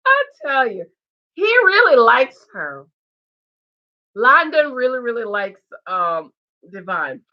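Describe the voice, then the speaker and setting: A woman casually recapping a dating show, animated and quick to act out what the cast said. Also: on the high side, dull audio. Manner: animated, mimics the cast in quotes. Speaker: show reviewer.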